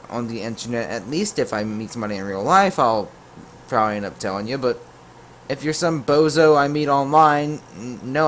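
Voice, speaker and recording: A man narrates a storytime episode in a relaxed, joking way and keeps breaking off for asides and corrections. His pitch sits in the middle, and faint background noise runs under the voice. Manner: jokey, full of asides and self-corrections. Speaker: YouTube storyteller.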